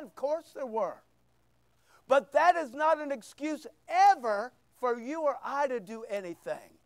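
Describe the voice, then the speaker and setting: A man preaching a sermon as pastor, emphatic with sudden loud bursts and quiet asides. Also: very high voice, no room sound.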